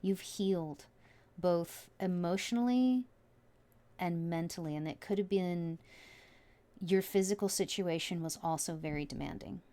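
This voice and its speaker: A woman gives viewers a casual tarot reading, excitable and emotional, often trailing off mid-sentence and starting over. Her voice is on the low side and her delivery a little slow.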